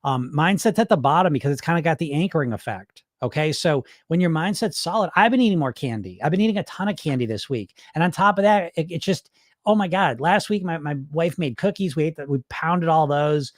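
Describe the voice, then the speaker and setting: A man with a voice a bit higher than most men runs a casual livestream Q&A as a weight loss coach. He talks bluntly and loosely, drops the odd swear and keeps asking "right?" The sound is dry and close, with no room around it. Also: lively intonation, fairly quick, no room sound.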